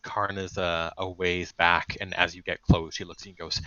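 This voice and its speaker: A man narrating as game master in a casual, profane, animated way. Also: low voice, normal speed, hardly any pauses, dull audio.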